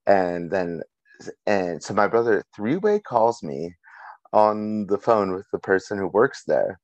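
A man's voice: on the low side, sing-song, unhurried, a little mellow, no echo, dull audio. A young man co-hosting a casual podcast chat, telling a story and laughing often as he goes. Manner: laughs through a storytelling rant.

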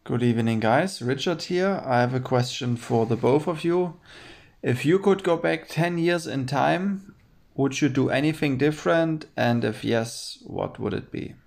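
A man's voice: medium pitch, measured pace, vocal fry, darkish tone. A man leaving a polite recorded question for a talk show as a listener. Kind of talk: recorded voice message.

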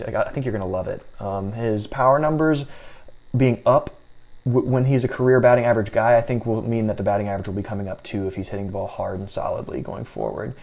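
A man in casual sports talk, reeling off numbers and player takes in a measured, hedging way. He restarts his sentences often and keeps an easygoing, conversational flow at a middling pitch. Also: darkish tone. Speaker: fantasy baseball podcast co-host. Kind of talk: casual analytical sports chat.

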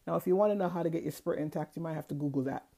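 Low gravelly woman sharing affirmations. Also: warm tone. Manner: chatty, repeats affirmations slowly. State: out of breath. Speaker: host. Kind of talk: casual spiritual talk.

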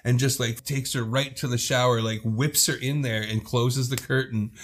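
A man on a casual podcast spins a rowdy anecdote with loose, profane energy. His voice sits at an ordinary middle pitch, and he slips into the voices of the people he describes. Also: moderate pace, a little hiss or hum. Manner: profane, animated storyteller who acts out quoted people. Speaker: podcast co-host. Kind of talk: casual storytelling chat.

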